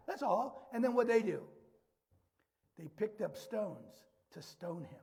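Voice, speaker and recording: A man's voice: high-pitched, lively intonation, brisk, darkish tone, husky. A man preaching a sermon in a conversational way, often repeating words and asking the audience questions. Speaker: pastor.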